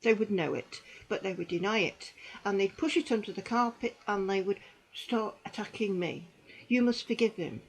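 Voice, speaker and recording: A middle-aged woman gives earnest personal testimony to camera, halting and repeating herself. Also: mid-range voice, husky, rough recording. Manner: halting and repetitive, with restarts; earnest and emotional, with bitter dark humour. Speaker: survivor giving testimony.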